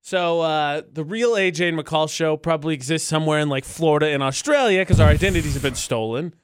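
A man's voice: fairly high pitch, fairly quick, clear, resonant tone, no room sound. A man co-hosting a radio show in a studio, bantering in a playful, teasing, argumentative way. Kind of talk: casual morning radio banter.

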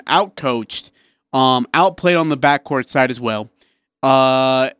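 A man co-hosting a sports radio show, talking excitedly in casual chat with many restarts and asides. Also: fairly high pitch, smooth, no echo, clean studio sound.

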